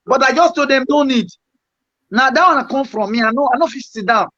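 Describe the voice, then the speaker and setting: A man with a Nigerian Pidgin accent, a guest musician telling his story in a rambling, halting way. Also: extremely high pitch, pushed and bright, no echo, highs cut off.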